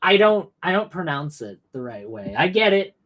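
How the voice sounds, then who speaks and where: A man with a fairly high voice talks at a moderate pace while hosting a political livestream. His profane political commentary comes as animated, sarcastic rants with heavy swearing and mock outrage.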